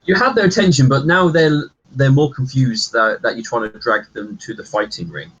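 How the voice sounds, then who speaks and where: A man acting as game master, narrating a tabletop game in a halting way with many fillers. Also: medium pitch, fairly bright tone, husky. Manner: hesitant, filler-heavy narration. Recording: dull lo-fi recording.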